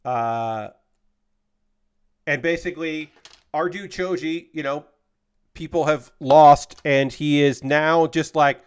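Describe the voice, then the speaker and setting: A man's voice: fairly high pitch, slow pace, pauses often, clean tone. A man casually recapping an anime episode on a livestream, loose and profane, with lots of fillers and restarts. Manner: gets heated and indignant when he talks about unfair characters.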